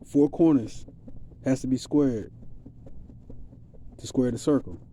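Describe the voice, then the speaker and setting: A man's voice: medium pitch, takes it slowly, dark tone, slight background noise. A man giving a rambling, streetwise spiritual monologue in a casual, preachy way. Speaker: vlogger.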